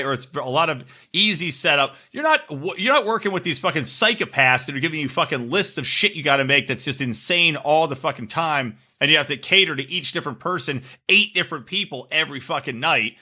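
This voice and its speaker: A man co-hosting a podcast, talking bluntly and swearing a lot in casual chat. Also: fairly high pitch. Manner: blunt, foul-mouthed, animated. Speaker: podcast co-host.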